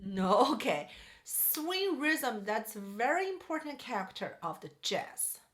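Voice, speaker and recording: High-voiced woman teaching piano. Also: very animated, a little slow, fairly bright tone. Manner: patient and explanatory, counts and sings rhythms aloud. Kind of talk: one-on-one music lesson.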